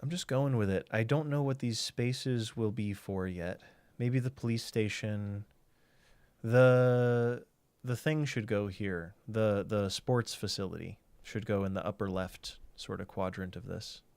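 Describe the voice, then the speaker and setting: Man, casual game stream chat, rambling and musing, lowish voice, dry close sound. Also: a little slow, a little mellow, clear, resonant tone, no echo. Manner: rambling, thinking aloud, answering chat.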